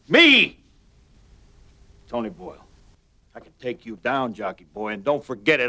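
A menacing older union boss for a film, raised voice, wildly varied pitch, shouts then quiet threats. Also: male voice, heavily acted. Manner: swings between shouting and low, quiet threats. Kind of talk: film drama acting.

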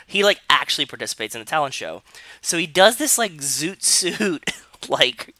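A man co-hosting a podcast, telling a TV episode's story in a loose, animated way, full of "like" and swearing. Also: on the high side, a little fast, dry recording. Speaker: podcast co-host. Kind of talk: casual chat, recapping a TV episode.

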